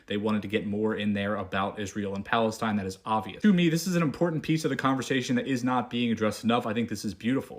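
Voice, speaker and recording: A man delivering an earnest, lecturing commentary monologue. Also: medium pitch. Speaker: social media commentator.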